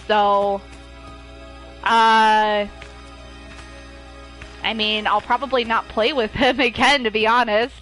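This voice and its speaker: A woman giving live gaming commentary while playing with friends, excitable and panicky, laughing often. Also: fairly high pitch, unhurried, pauses often, soft background music, poor audio. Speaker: gamer streaming with friends.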